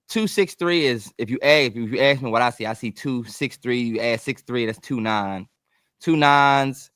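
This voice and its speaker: A man's voice: mid-range voice, a bit bright, clear, resonant tone, no echo, clean studio sound. A man co-hosting a podcast in casual chat, telling stories in a laid-back way and swearing freely. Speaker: podcast co-host.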